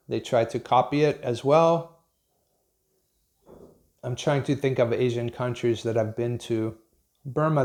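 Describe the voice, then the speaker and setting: A man with an American accent, talking like a teacher who speaks his mind. His voice sits at an ordinary middle pitch. He rambles in a loose, unscripted way and laughs at his own remarks. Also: dark tone. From Pennsylvania, USA. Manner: rambling, frank, chuckles at his own points. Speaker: English teacher. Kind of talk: casual unscripted talk to camera.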